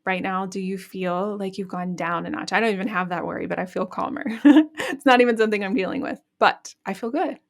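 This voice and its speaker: A woman hosting a podcast, calmly guiding listeners through an EFT tapping session with repeat-after-me phrases. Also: mid-range voice, quick pace, vocal fry. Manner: calm instructive, leads repeat-after-me phrases. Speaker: podcast host and EFT coach. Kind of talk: guided EFT tapping lesson.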